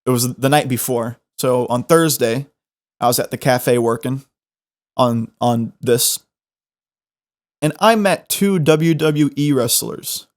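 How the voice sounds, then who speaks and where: Animated young man telling a story. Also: mid-range voice, slow pace. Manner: animated, self-mocking. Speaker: podcast host. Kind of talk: comedic storytelling.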